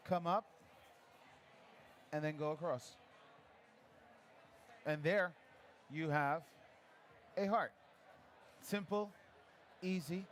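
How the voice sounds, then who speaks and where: A man's voice: on the high side, fairly bright tone, a faint crowd, slight background noise. A man who teaches latte art, coaching a guest through live pours at a coffee festival in a chatty, encouraging way. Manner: encouraging, chatty, gives quick pouring cues. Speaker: barista instructor. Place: coffee festival demo area.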